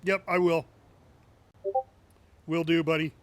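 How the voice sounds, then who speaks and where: A man's voice: a little high, flat delivery, takes it slowly, dry recording. A man streaming a driving game, chatting casually and cracking jokes at his own puns. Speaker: gaming streamer. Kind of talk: casual live gameplay chat.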